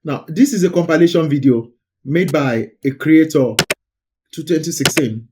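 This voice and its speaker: A man's voice: on the high side, moderate pace, background noise. A man hosting a casual screen-share commentary about online videos, emphatic and often repeating words for stress. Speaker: YouTube creator and host.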